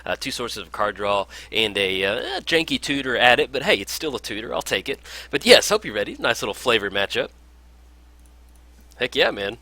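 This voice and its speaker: Man, upbeat card game commentary, quick talker, crisp bright tone, lowish voice. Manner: upbeat, chatty, lots of fillers. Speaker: gameplay commentator.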